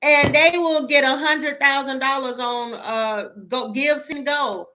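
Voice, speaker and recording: A woman with a fairly high voice talks straight to her viewers in a casual monologue. She sounds drained and worn out, exasperated and blunt, and swears freely. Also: steady tone, a little slow, background noise. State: emotionally drained. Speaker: tarot reader.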